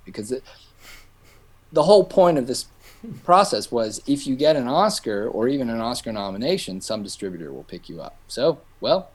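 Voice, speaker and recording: A middle-aged man, a guest filmmaker, telling a long anecdote in casual chat and acting out the voices of the people he quotes. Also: medium pitch. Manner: animated storyteller who acts out quoted voices.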